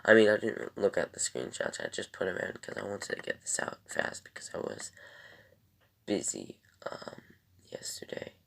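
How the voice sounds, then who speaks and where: Gravelly, deep-voiced young man reviewing. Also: huge pitch swings, normal speed, fairly bright tone, in a whisper. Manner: rambling and loose, many ums and self-corrections. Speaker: TV episode reviewer. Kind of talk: casual episode review.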